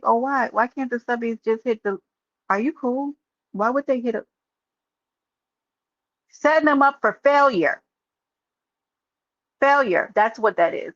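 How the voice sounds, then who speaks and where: A woman live streamer, sharing her opinion in casual, animated talk and calling out viewers in chat by name. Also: mid-range voice, no room sound, dull audio.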